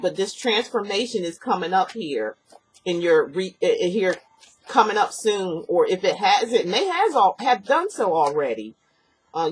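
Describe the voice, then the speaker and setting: A woman giving a personal tarot reading. She rambles earnestly, repeats herself, fills pauses with ums, and sniffles from allergies. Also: on the low side, breathy edge. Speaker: tarot reader.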